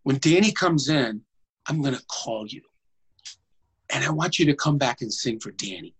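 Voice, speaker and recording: A man putting on the voice of an excitable older Italian-American restaurant owner who talks pushily and effusively. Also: medium pitch, moderate pace, husky. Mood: excited. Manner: effusive, pushy.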